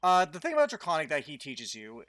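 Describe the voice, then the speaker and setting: A man's voice: fairly high pitch, fast, dry recording. Playful man running a tabletop game. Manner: playful and animated, breaks into song. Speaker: dungeon master.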